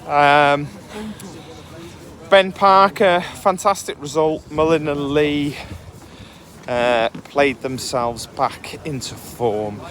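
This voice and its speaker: A man's voice: a little high, slow, fairly bright tone. Chatty man talking football. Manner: chatty, hesitant with frequent ums. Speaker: podcast co-host. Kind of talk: casual football chat.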